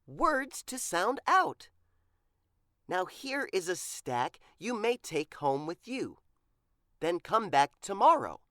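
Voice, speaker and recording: A woman's voice: fairly low pitch, sing-song, takes it slowly, dry recording, studio quality, full character voice. A woman doing a prim, cheerful librarian. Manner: firm, bright and precise.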